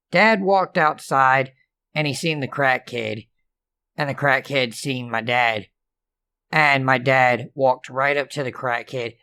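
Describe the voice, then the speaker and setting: A man's voice: mid-range voice, takes it slowly, bright, forceful tone, smooth. A male storyteller with a mid-range voice reads creepy true stories aloud. He keeps it casual and profane, with sarcastic asides. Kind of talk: reading true scary stories.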